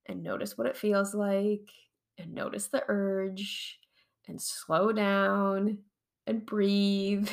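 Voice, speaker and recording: A woman hosting a casual solo podcast, chatty and animated, laughing often and swearing casually while getting over covid. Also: medium pitch, gravelly. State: recovering from covid. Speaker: podcast host and chronic pain coach.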